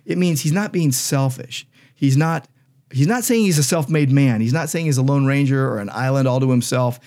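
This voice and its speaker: A man's voice: medium pitch, normal speed, a little mellow. A man, a pastor and podcast co-host, explaining Bible verses in an emphatic, conversational teaching style. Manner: emphatic, explanatory, reads scripture aloud.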